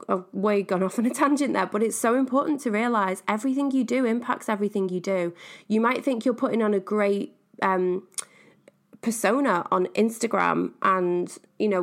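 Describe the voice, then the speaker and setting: A woman coach talks through her podcast episode on her own, in a casual and chatty way. Her voice sits at an ordinary middle pitch, and she laughs often while wandering off on tangents. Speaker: business coach and podcast host. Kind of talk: casual solo podcast talk.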